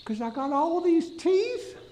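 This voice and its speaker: A man's voice: extremely high pitch, big pitch swings, measured pace, warm tone, a little hiss or hum, pitched above the performer's own voice, full character voice. A man voicing a sulky little female alligator in a children's story, with a whiny, plaintive voice.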